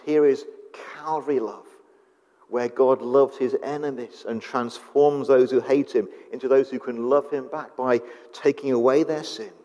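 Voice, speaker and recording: A man preaching a sermon in a slow, earnest manner with deliberate pauses. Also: medium pitch, a little mellow. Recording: long hall reverb.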